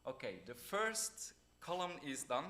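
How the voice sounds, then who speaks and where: Luxembourgish man reading village names slowly. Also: a little high, very animated, bright, forceful tone. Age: adult, a teacher. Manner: reads names deliberately, laughs often. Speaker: quiz leader reading place names. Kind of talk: casual comedy game chat.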